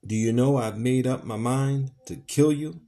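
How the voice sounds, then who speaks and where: A man's voice: on the low side, slow, mellow. A man reading aloud and voicing a cruel, raging plantation master who growls through his teeth and thunders. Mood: enraged.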